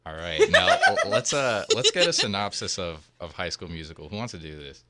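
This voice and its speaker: A man's voice: deep voice, sing-song, fairly quick, pushed and bright, no room sound. A man hosting a casual movie-review podcast, loose and joking. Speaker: podcast host.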